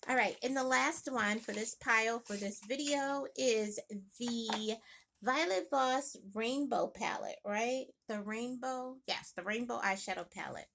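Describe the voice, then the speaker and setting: A woman chatting casually in a home makeup vlog, thinking aloud with quick exclamations. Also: a little high, creaky, a bit bright. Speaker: beauty vlogger. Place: home room.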